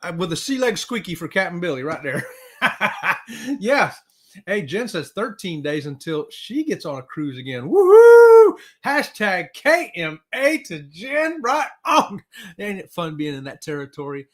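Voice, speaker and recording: Excitable man hosting a livestream. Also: high voice, a little slow. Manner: excitable, drawling, whoops and laughs often. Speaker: livestream host. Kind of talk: casual livestream chat greeting viewers.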